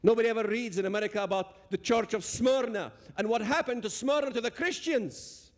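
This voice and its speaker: A man's voice: high-pitched, fairly quick. A man with a Palestinian Arabic accent giving an impassioned talk, addressing the audience directly and emphatically. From Palestinian territories.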